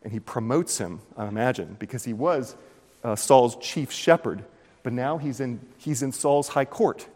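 Animated preacher in a large hall. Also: male voice, mid-range voice, moderate pace. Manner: animated storytelling, acting out scenes. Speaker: pastor. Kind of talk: sermon. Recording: long hall reverb.

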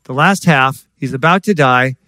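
A man preaching a sermon in a lively storytelling way, acting out voices and joking with the congregation. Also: mid-range voice, normal speed, dry recording. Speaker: guest preacher. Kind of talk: sermon with stories.

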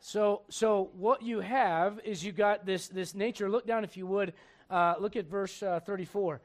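Animated high-voiced male preacher. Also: moderate pace. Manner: animated storytelling, acts out characters, asks the crowd questions. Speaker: pastor. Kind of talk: sermon.

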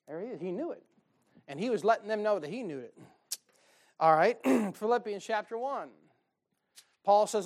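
A man preaching a sermon in a folksy, joking way, with sudden loud bursts of fire. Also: high-pitched, expressive, normal speed, vocal fry.

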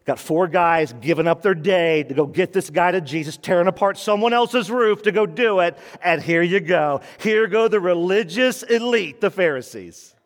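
A man preaching a sermon to his church, animated, acting out quoted voices and laughing often. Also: high voice, normal speed, few pauses, big-room sound. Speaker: pastor.

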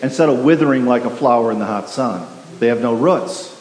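A man's voice: medium pitch, fairly quick, a little mellow. A man preaches from a church pulpit, pressing his points hard and checking in with the congregation. His voice rings through a large, reverberant hall with a faint hiss in the background. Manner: emphatic, repetitive, asks the congregation questions. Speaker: pastor. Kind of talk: sermon. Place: church sanctuary.

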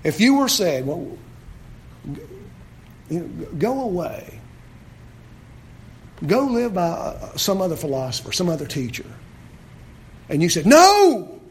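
A male pastor preaching a sermon, swinging between shouted questions and hushed pleading. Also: sits high, big pitch swings, unhurried, pauses often, slight background noise.

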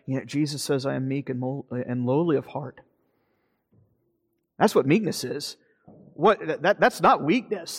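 A man preaching a sermon as pastor, earnest, slowing for emphasis and then speeding up. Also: on the high side, gravelly, slightly rough, long reverb tail. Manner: earnest preaching, shifting between slow emphasis and quick asides.

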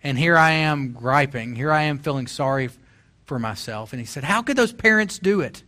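A man's voice: a little high, lively intonation, normal speed, sharp tone. A man in his forties preaching a sermon as pastor, telling stories and building to emphatic exhortation. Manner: storytelling, rising to emphatic exhortation.

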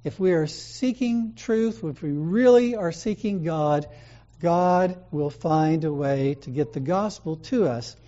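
A man's voice: a little high, slow pace, warm tone. Man preaching in a dull, muffled recording. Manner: conversational storytelling preaching. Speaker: pastor. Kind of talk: sermon.

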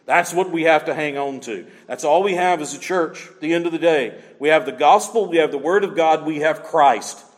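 A man's voice: on the high side, moderate pace, hardly any pauses. A man preaching a sermon with emphatic, repeated key phrases, in a church. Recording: long hall reverb.

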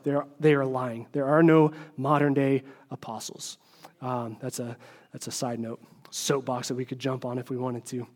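A man preaching a conversational sermon, informal and full of fillers and restarts, with emphatic, opinionated asides. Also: mid-range voice. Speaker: preacher teaching a Bible study.

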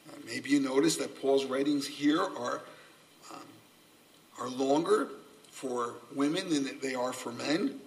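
A man's voice: medium pitch, unhurried, recorded from a distance, low-quality recording. Preaching man, heard from off the mic. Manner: animated, acts out quoted voices, repeats key phrases. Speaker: pastor. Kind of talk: sermon.

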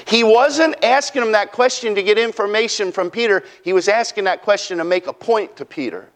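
A man's voice: high-pitched, brisk. A man preaching a sermon in a folksy way, acting out quotes from his text. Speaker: pastor.

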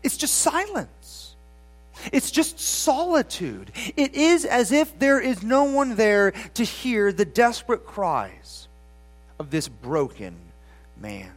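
A pastor preaching a sermon to the congregation with dramatic swings from loud to hushed, putting rhetorical questions to the listeners. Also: medium pitch, very animated, slow.

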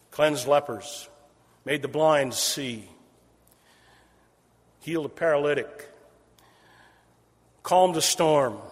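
A man preaching an expository sermon. He builds phrases in rhythmic repeated series and swings from loud emphasis to a hushed near-whisper. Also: mid-range voice, slightly rough. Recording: long hall reverb.

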